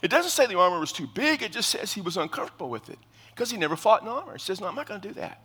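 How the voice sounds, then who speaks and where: Lively high-voiced pastor in his fifties. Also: racing, slightly rough, big-room sound. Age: 50s. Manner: lively, joking, conversational preaching. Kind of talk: sermon.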